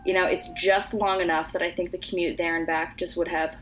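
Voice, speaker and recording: Earnest young woman with a lower voice. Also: little pitch movement, fairly quick, a little hiss or hum. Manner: earnest, talkative, many fillers. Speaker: podcast co-host. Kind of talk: casual chat.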